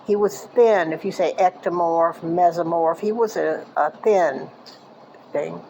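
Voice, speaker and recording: An older woman from Florida, casually telling a memory from her childhood in a halting way, restarting sentences and trailing off into quieter asides. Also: on the low side, creaky, slight background noise, rough recording. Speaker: eyewitness recounting a childhood memory. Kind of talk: casual personal storytelling.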